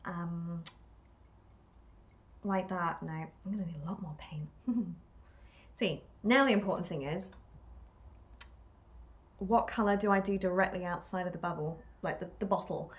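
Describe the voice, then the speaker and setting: A woman's voice: lowish voice, unhurried, pauses often, highs cut off. Chatty woman painting on a live stream. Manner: rambling, self-talking, laughs often, self-deprecating.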